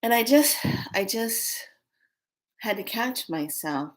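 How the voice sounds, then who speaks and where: A woman's voice: fairly high pitch, animated, slow. A middle-aged woman vlogger telling a personal story in a casual, rambling way, often repeating words and starting over. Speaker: spiritual vlogger.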